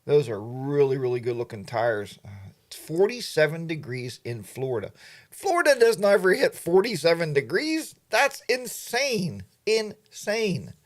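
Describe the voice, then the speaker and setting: A man's voice: a little high, big pitch swings, moderate pace. A middle-aged man hosting a casual livestream, chatty and playful, greeting viewers by name. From Pennsylvania, USA. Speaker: livestream host. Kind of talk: casual live chat.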